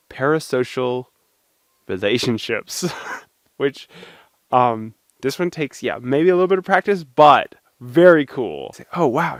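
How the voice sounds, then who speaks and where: A man's voice: mid-range voice, no echo. Chatty playful man, dry close sound. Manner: playful, chatty, thanks supporters by name. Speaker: video host. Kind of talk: casual talk to camera.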